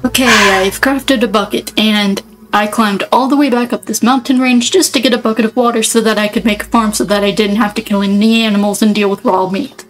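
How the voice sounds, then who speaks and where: A woman's voice: medium pitch, steady tone, fairly quick, hardly any pauses, rough recording. A woman giving casual gameplay commentary, rambling and thinking aloud, often cutting herself off mid-sentence. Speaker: let's player.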